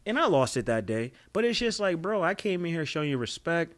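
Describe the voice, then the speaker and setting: Animated young man telling stories. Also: fairly high pitch, a little fast. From Boston. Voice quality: animated, profane, laughs often, acts out voices in stories. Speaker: podcast co-host. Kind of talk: casual storytelling chat.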